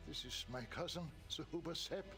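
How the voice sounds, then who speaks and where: An actor playing a courteous, earnest Bavarian villager in a video game, speaking. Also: male voice, on the high side, moderate pace, over music, close to an everyday voice. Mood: earnest, formal. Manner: formal, earnest.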